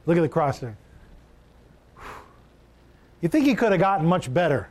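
A male pastor, high-voiced and a little mellow, preaches in a sing-song manner at a moderate pace. He speaks emphatically, repeating key lines while his pitch lifts and dips to press each point.

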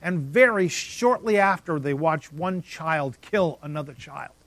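Pastor, man, higher register, dramatic sermon delivery, dry recording. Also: animated, unhurried, a bit bright, dry recording. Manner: emphatic, rising and dropping to near silence for effect.

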